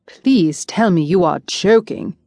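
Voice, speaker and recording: A woman playing an urgent, forceful young nobleman pleading with his prince, audiobook. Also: fairly low pitch, expressive, slow, dry recording, clean studio sound. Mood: indignant. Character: indignant young nobleman, loyal cousin.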